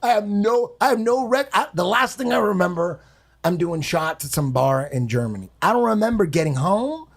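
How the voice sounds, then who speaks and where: A man casually telling an animated, profane story on a podcast, acting out voices and sounds. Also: sits high, moderate pace, gravelly. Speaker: guest storyteller.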